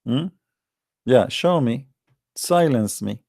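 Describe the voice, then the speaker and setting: A man with a gravelly, creaky voice hosts a call-in debate, blunt and scornful, hammering his points through repetition. The sound is dry and close to the mic. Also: medium pitch, expressive, slow, darkish tone, no room sound. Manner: blunt and scornful, repeats himself. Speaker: host of call-in debate show.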